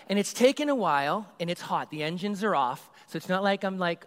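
A man, a youth group leader, telling a comedic story in an animated, rambling way and acting out the scenes. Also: on the high side, fairly quick, smooth. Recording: reverberant hall.

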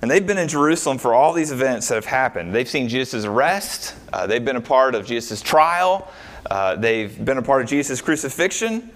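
A man preaching a sermon as a pastor, talking through the verses with rhetorical questions and frequent pauses. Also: mid-range voice, expressive, fairly bright tone.

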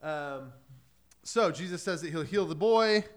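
A man preaches a sermon in a loose, conversational way, cracking jokes along the way. His voice sits a bit high for a man. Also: normal speed. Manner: casual, joking storyteller who acts out quotes. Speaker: pastor.

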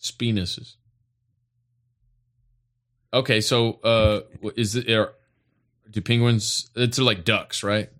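A man co-hosting a podcast, rambling through a deadpan mock eulogy and swearing casually. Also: fairly low pitch, slow pace, long pauses. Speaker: podcast co-host. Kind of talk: improvised comedic bit.

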